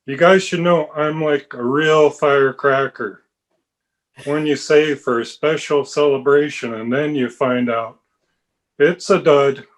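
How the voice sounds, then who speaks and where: A man's voice: on the high side, steady tone, a little slow, low-quality recording. A man doing a stand-up set built on self-deprecating, dry jokes. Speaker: stand-up comic.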